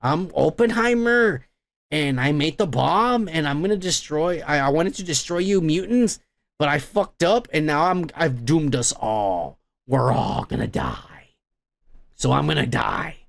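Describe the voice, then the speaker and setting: A man voicing a despairing middle-aged male scientist in a low, grim, defeated tone. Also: expressive, normal speed, a bit bright.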